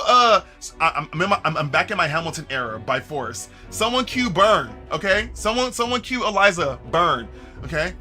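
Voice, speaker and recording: Young male streamer, very bright and somewhat high voice, animated and joking, with soft music behind him. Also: normal speed. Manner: animated, laughing, reads game dialogue aloud and jokes to chat. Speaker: game streamer. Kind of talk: casual let's-play commentary.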